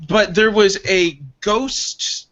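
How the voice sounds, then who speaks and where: A man hosting a casual podcast chat, telling an animated story full of laughter and acted-out quotes. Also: high-pitched, very slow. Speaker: podcast host. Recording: dull lo-fi sound.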